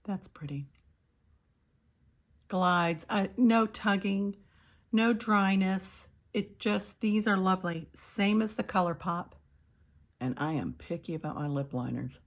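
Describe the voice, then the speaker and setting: An older woman giving a chatty makeup tutorial, calling her viewers "kids" and sometimes dropping to a soft murmur. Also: mid-range voice, slow pace. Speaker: beauty vlogger.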